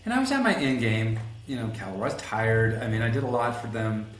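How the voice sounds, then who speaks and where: A man telling a story in a casual interview, animated and acting out quotes, rough around the edges. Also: lowish voice, fast talker. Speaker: guest, collision shop executive. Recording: echoey room with faint background noise.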